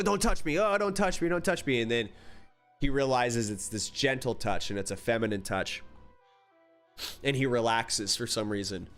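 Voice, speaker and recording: A man recapping a manga story in a casual, rambling, animated way with many filler words. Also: mid-range voice. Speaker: manga reviewer.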